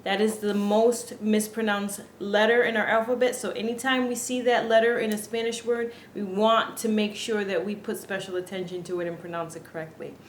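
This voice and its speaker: A woman teaching Spanish pronunciation, speaking slowly and deliberately and repeating each word with care. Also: mid-range voice, steady tone, a little hiss or hum. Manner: slow, deliberate, repeats words carefully. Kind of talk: slow instructional lesson. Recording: echoey room, faint ambience.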